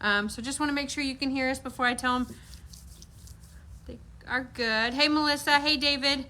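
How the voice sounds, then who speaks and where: A woman opens a company livestream in a casual, upbeat way, greeting viewers by name. Her voice is high and bright, with plenty of fillers along the way. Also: steady tone, normal speed.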